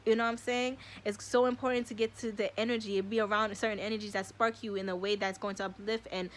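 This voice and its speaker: A young woman hosting a spiritual live stream, speaking in an excitable, slangy way and swearing often. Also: medium pitch, quick pace, a little hiss or hum.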